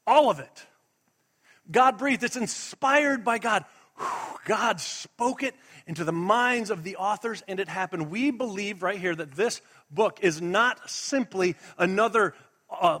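A man preaches a sermon with emphatic energy, firing questions at his congregation. His voice sits high and bright. The sound carries a long reverb from a church hall. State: fighting a sneeze. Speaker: pastor.

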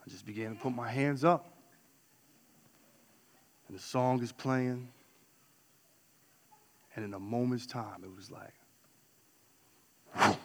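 A man sharing a personal faith testimony in an earnest storytelling way, dropping to a hush and then rising to loud excitement. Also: mid-range voice, slow pace, pauses often, in a large hall. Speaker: church member sharing his testimony.

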